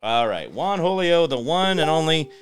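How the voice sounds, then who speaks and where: A man's voice: fairly high pitch, big pitch swings, moderate pace, smooth. A man hosting his own show, rambling through live commentary and talking straight to viewers. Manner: rambling, digressive, talks to viewers and pets. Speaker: show host.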